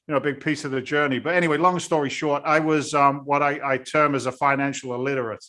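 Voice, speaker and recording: A man's voice: fairly high pitch, fairly even intonation, quick pace, bright, forceful tone. A man, a guest in a casual interview, telling his story bluntly and with animation. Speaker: guest, real estate investor.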